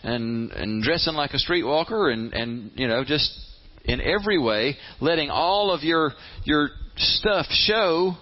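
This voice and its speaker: A man's voice: a little high, lively intonation, measured pace. A man preaching a conversational sermon in a plain-spoken way, often repeating words as he goes and acting out people's inner voices. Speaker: pastor. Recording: slightly muffled, lo-fi.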